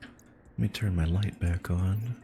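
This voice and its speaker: A drowsy man with a fairly low voice, murmuring and chatting as he plays a game on a live stream. He is laid-back and swears offhandedly, with game music playing clearly behind him. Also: slow pace, warm tone. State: sleepy, yawning. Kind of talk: casual live gameplay chat.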